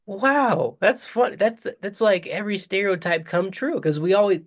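Higher-voiced man, chatty podcast host. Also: normal speed. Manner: animated, laughing, stammering restarts. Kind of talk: casual chat.

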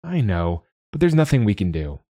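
A man voicing a weary, gentle father, speaking softly and low. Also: sing-song, normal speed, no echo, clean studio sound. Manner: soft, weary.

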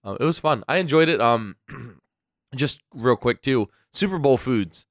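Man, podcast co-host, medium pitch, laid-back, dry close sound. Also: lively intonation, a little slow, dry recording. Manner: laid-back, rambling with fillers. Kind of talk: casual chat. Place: small home studio.

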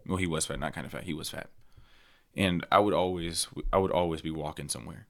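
A man's voice: very deep voice, steady tone, fast, vocal fry, a bit bright. A man co-hosting a podcast, talking bluntly and heatedly with heavy swearing in casual chat. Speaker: podcast co-host.

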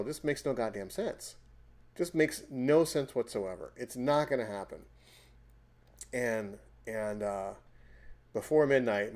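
A man in his forties hosting a casual podcast chat, telling stories with loud, emphatic bursts. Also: on the low side. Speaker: podcast host.

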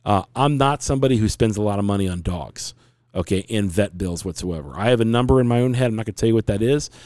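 A man's voice: lowish voice, fast talker, darkish tone, no room sound, clean studio sound. A man in his forties, hosting a podcast and earnestly telling a long, rambling personal story in casual conversation.

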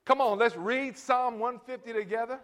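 His voice very high and his speed normal, a pastor in his late sixties works through a sermon built around family stories. He leads the band and congregation, raising his voice loudly for emphasis.

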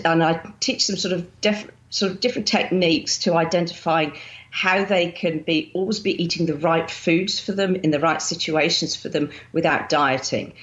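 With a low but fairly bright voice, an English woman in middle age talks as a podcast guest in a relaxed interview. She's chatty and laughs frequently, leaning heavily on "sort of," and the top frequencies of the recording are cut off.

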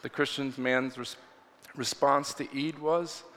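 An earnest male preacher telling stories from the pulpit, animated and lively in his delivery. His voice is bright and forward, and a long reverb hangs in the large church hall around him. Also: medium pitch, a little slow, slight background noise. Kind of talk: storytelling sermon.

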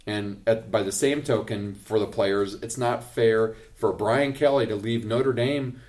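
Opinionated low-voiced male podcast host. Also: a little slow. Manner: emphatic, opinionated, rising to loud points. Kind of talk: casual sports opinion talk.

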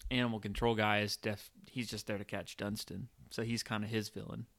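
A man's voice: lowish voice, flat delivery, brisk, vocal fry, fairly bright tone, dry recording. A man co-hosting a casual movie chat, rambling and playful, with lots of fillers. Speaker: podcast co-host.

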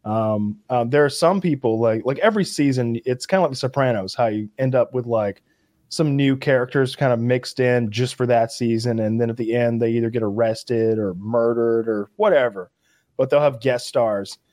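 A man's voice: mid-range voice, moderate pace, a little mellow, no echo. Rambling man, dry close mic. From Kentucky. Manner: rambling, full of fillers and restarts, enthusiastic. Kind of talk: casual chat.

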